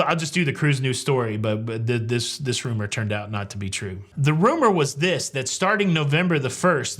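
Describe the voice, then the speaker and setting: A man's voice: on the high side, fairly bright tone. A middle-aged man hosting a cruise news show, talking casually with wry, sarcastic jokes and rambling asides. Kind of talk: casual comedic commentary.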